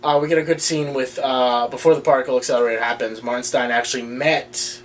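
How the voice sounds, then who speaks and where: A man's voice: mid-range voice, steady tone, fast talker. A man co-hosting a casual chat about the week's TV episodes, rambling and correcting himself as he goes and laughing often. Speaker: podcast co-host. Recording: distant mic with faint noise.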